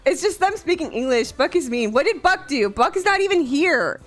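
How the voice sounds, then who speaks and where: A young woman streamer chatting casually on a live stream, animated and quick to laugh, swearing freely. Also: high-pitched. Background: faint music.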